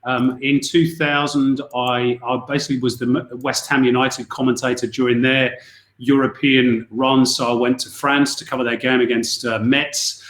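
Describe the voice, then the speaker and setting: A man's voice: mid-range voice, level tone, moderate pace, fairly bright tone, echoey room. A middle-aged man from Northwest England, a football commentator telling anecdotes in a chatty podcast interview with frequent restarts.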